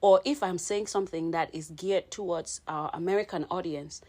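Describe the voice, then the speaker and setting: A woman's voice: fairly low pitch, normal speed, a little mellow. A woman from Cameroon co-hosting a podcast, explaining in a casual chat and checking in with "right?" as she goes. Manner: explains with repeated "right?" tags, laughs often. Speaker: podcast co-host.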